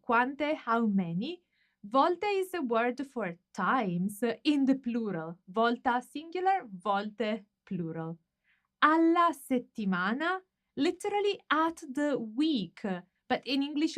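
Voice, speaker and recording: A woman teaching a language lesson, patiently explaining each sentence. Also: on the high side. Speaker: Italian teacher.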